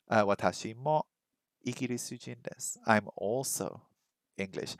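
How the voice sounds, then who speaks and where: A man chatting casually on a stream while he practises a language, thinking aloud and sounding out words slowly. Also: lowish voice, no room sound. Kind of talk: casual livestream chat.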